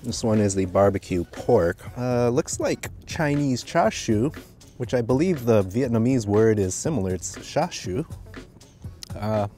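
A man hosting a food vlog outdoors by the water, reviewing sandwiches in a relaxed, thoughtful way with frequent fillers. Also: on the low side, moderate pace, hardly any pauses, soft background music. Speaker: food vlogger.

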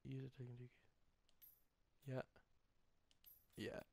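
A young man giving excitable let's-play commentary, yelling and laughing at the game with mild slang. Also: medium pitch, takes it slowly, creaky. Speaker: gamer.

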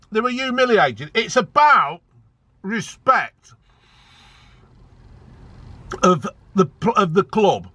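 Angry high-voiced football ranter. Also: male voice, sharp tone. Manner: heated, sweary, repeats himself for emphasis. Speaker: football fan vlogger. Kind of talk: angry ranting vlog.

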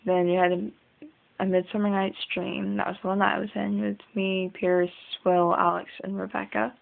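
A woman's voice: mid-range voice, level tone, moderate pace, gravelly, narrow, tinny audio. A young woman rambling casually in a video diary, chatty and full of ums. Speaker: vlogger.

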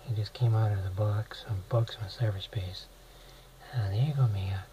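Casual man, lower voice, fond teasing chatter to his pets, phone recording with a noisy background. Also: fairly even intonation, moderate pace, mellow, lo-fi sound. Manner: talks fondly to his hissing roaches, teasing baby talk. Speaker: hobby bug keeper. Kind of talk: casual handheld pet video.

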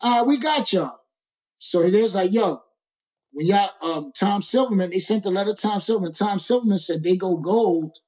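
A male rapper as a guest, telling a story in a lively, slangy, profane way and acting out other people's lines. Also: high-pitched, normal speed. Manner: slangy, profane, acts out quoted voices. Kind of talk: animated storytelling.

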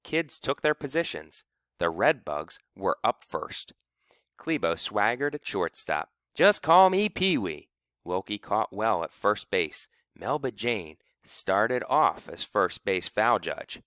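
A man narrating a novel with expressive storytelling. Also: fairly low pitch, slow, no room sound, clean studio sound. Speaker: audiobook narrator. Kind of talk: scripted narration.

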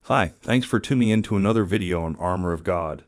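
A man narrating a scripted storytelling video as the channel's host, in a steady, even read. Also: deep voice, fast talker, no room sound, clean studio sound.

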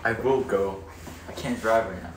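A woman's voice: rumbling low, moderate pace. A woman hosting a livestream, chatting casually and affectionately, teasing and swearing now and then. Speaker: livestream host. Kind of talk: casual chat. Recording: echoey room, mic at a distance, noisy.

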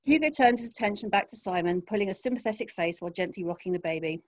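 A woman's voice: medium pitch, expressive, fast talker. Woman reading first-person crime fiction. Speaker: author reading. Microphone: home computer mic, video call.

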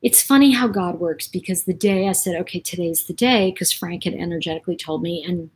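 A woman's voice: lowish voice, fairly quick, darkish tone, husky, low-quality recording. A woman hosting a casual livestream, chatting in a rambling way, laughing often and reading out viewer comments. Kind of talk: casual live-stream chat.

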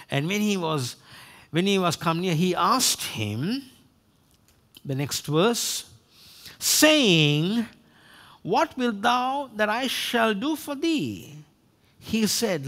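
A male pastor delivers a sermon in an emphatic preaching manner, his voice sitting a little higher than most men's. He slips into quoted voices as he drives his points home. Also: a bit bright.

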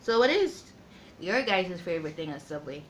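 A woman chatting casually to her viewers in an eating vlog, slow and halting, with many pauses and fillers. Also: fairly low pitch, big pitch swings, slight background noise, rough recording. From Guam. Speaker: mukbang vlogger.

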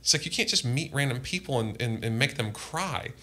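With a mid-range voice and lively intonation, a man speaks fairly quickly in a bright, forceful tone. He is a pastor giving heartfelt, impassioned testimony about his own life in a podcast conversation.

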